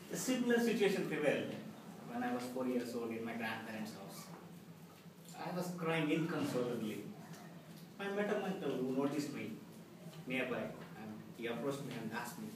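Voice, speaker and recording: A man's voice: mid-range voice, big pitch swings, moderate pace. A middle-aged man giving a humorous prepared speech to a club, telling stories with acted quotes. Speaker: club speaker. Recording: echoey hall from far off, background noise.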